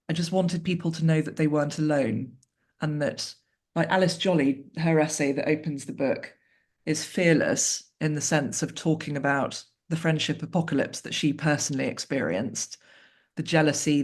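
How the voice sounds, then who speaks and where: A woman's voice: low voice, a little mellow. A woman author speaking as a guest in an interview, talking candidly and reflectively with wry asides over a video call.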